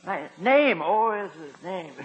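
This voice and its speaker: An actor playing a fussy, polite English butler with prim, formal speech and dry quips, in a 1950s radio sitcom. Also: male voice, high-pitched, lively intonation, slow pace. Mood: flustered. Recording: dull 1950s radio recording.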